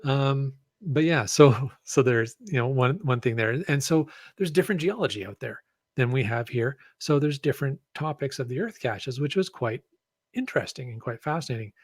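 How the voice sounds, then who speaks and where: A man chats casually on a podcast, rambling through his points with frequent ums and self-corrections. His voice sits at an ordinary pitch, and the recording is dry and close, with no room sound. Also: expressive, moderate pace, husky, no echo. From Canada. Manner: rambling, hesitant, with many ums and restarts.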